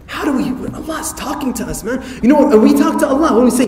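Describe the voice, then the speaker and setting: A man giving an animated Islamic lecture, acting out quoted voices and rising to emphatic shouts. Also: very high-pitched, quick pace, hardly any pauses. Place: lecture hall. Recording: echoey hall recording.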